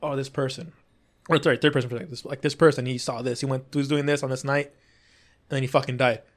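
A man co-hosting a casual podcast, animated and swearing often as he talks. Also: mid-range voice, quick pace. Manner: profane, animated, swears a lot. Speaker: podcast co-host. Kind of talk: casual chat.

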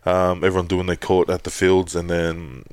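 A man with a low voice and a moderate pace co-hosts a podcast, recorded cleanly without echo. His casual chat is full of cursing and lively stories, and he mimics the people he quotes.

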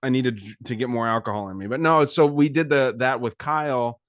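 A man on a podcast talking in a relaxed, joking way while he shows off beers. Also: medium pitch, fairly quick, no echo, studio quality. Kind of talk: casual chat.

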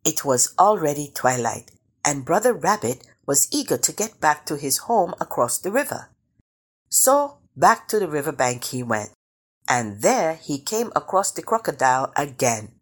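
A woman reading a children's picture book aloud, slow and expressive. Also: low voice, slightly rough. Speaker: storyteller.

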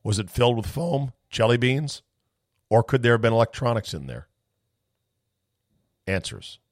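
Male host, mid pitch, dry close mic; ranting and incredulous, big swings between loud bursts and mutters. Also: expressive, moderate pace, no room sound. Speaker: podcast host. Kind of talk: animated monologue and casual chat.

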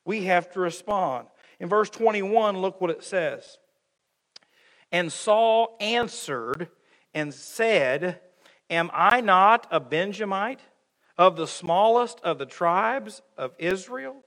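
A man's voice: high voice, expressive, slow pace, a bit bright, long reverb tail. A man preaching a sermon to his congregation, calling them friends and acting out everyday quotes with humor. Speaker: pastor. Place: church sanctuary.

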